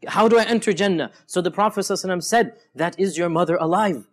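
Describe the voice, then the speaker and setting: A man preaching a Ramadan sermon, retelling hadith stories with animated emphasis, drawing out key phrases and dropping in quick Arabic quotes. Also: high voice, vocal fry. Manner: switches between quick Arabic quotes and drawn-out emphatic English; many fillers and restarts, animated storytelling.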